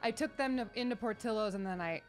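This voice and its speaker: A woman in her thirties with a Chicago accent, chatting excitedly with her partner while playing a video game. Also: a little high, fast, faint music behind. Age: 30s. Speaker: gaming channel host.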